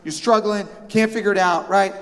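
A high-voiced middle-aged male pastor tells a sermon story, animated and self-deprecating, checking in with the congregation as he goes. His voice carries through a big church hall with a long reverb tail. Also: normal speed. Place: church sanctuary.

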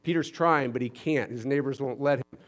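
A middle-aged man from Houston, Texas, telling a story in a sermon as senior pastor, animated and shifting between loud emphasis and quiet asides. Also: mid-range voice, normal speed.

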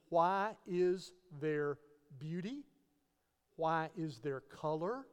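A man's voice: sits high, a little mellow, smooth. A man giving an apologetics teaching talk. He asks rhetorical questions and spells out key words letter by letter. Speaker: Christian teacher. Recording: long reverb.

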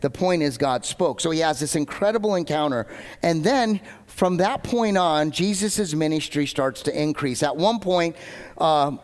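A man's voice: on the high side, normal speed, long reverb tail. A man preaching a casual sermon from a church stage, rambling and self-deprecating as he jumps between tangents. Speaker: pastor.

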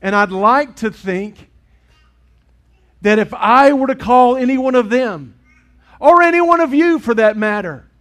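A middle-aged man preaching a sermon in a church, earnest and swinging from loud to hushed. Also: very high-pitched, expressive, measured pace, long pauses. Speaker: pastor. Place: church sanctuary with congregation.

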